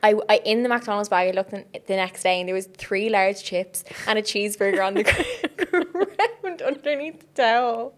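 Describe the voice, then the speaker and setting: A woman's voice: mid-range voice, normal speed, hardly any pauses. Chatty woman telling stories. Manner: animated storyteller acting out quoted voices, fillers of "like". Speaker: podcast co-host. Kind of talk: casual chat.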